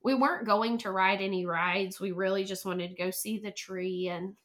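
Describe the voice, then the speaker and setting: Bright, animated woman. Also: medium pitch, moderate pace. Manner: animated storyteller, acts out quotes. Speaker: podcast guest, travel planner. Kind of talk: casual chat.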